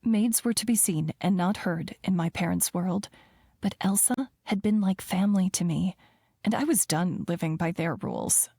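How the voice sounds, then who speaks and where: A woman narrating a first-person romance audiobook in an even, measured storytelling voice, close to the mic. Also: on the low side, vocal fry, slightly rough, no echo.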